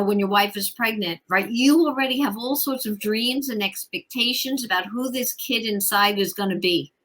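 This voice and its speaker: A woman's voice: medium pitch, pushed and bright, rough recording. Woman, 40s, parenting coach, interview guest, emphatic, repetitive for emphasis. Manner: emphatic, repeats key points. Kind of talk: casual interview chat.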